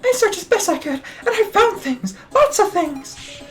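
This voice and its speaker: A man voicing an anxious young woman pleading to be heard, in a strained high falsetto, while reading game dialogue on a stream. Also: sing-song, unhurried, faint music behind, full character voice. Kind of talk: gameplay stream with character reading.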